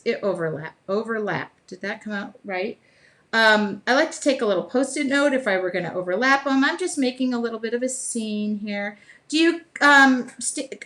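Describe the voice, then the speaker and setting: A woman's voice: mid-range voice, fairly bright tone. A middle-aged woman hosting a live art journaling demo, chatting casually and laughing often as she works. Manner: chatty, laughs often, talks while working.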